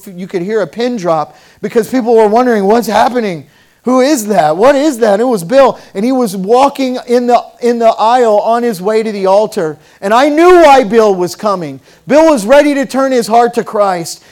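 A man with a high voice preaches a sermon as pastor. He tells stories from church life, dropping to a hush and then rising to loud, fervent peaks. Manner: storytelling, swinging from hushed to loud and fervent.

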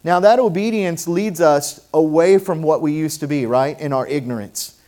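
A middle-aged man preaching a sermon as pastor, swinging between quiet reflection and loud, emphatic declarations. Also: fairly high pitch, moderate pace.

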